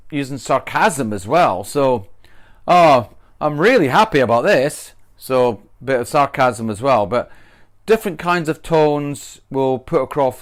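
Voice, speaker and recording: A middle-aged man teaching English in a relaxed video lesson, pausing to act out short example lines in different tones. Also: mid-range voice.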